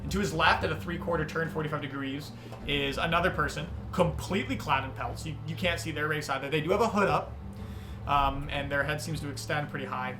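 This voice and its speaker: A young man narrating as game master, describing scenes in an animated, rambling way with many fillers. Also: a little high, a little fast. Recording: music under the voice.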